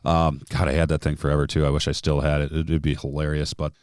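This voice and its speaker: A man's voice: rumbling low, fast, clear, resonant tone. A middle-aged man, a guitarist and music store owner, reminiscing casually on a podcast with frequent chuckles. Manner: relaxed, reminiscing, chuckling often.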